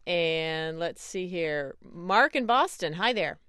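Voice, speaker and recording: A woman hosting a radio call-in show, brisk and friendly as she moves through callers. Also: fairly low pitch, animated, bright, forceful tone, smooth, no room sound, studio quality.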